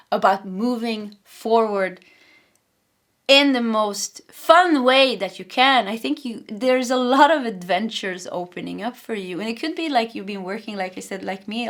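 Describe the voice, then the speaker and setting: A Swedish-accented woman reads tarot cards for her viewers at a quick, high-energy clip. Her voice sits in an ordinary mid pitch, and she loops back over her own phrases as she goes. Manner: fast, energetic, repeats phrases. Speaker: tarot reader. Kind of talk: pick-a-card tarot reading.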